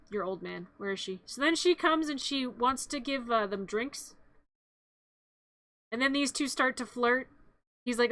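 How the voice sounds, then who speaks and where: A streamer, heard as a woman, recapping a movie in a rambling, playful way with quick jokey asides. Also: a little high, a bit bright, no echo. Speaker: vtuber streamer. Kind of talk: comedic movie recap with silly voices.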